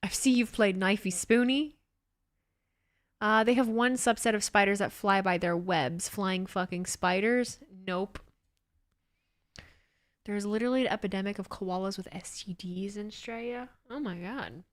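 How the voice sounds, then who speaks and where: A woman's voice: medium pitch, unhurried. A woman hosting a casual wrestling watch-along stream, slightly wheezy, reacting to chat with laughs and swearing.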